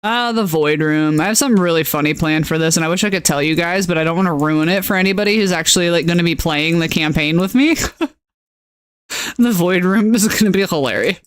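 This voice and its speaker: A woman's voice: on the low side, fairly quick, no room sound. A woman chatting casually on her livestream at home, laughing often and talking in a bubbly way. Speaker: streamer.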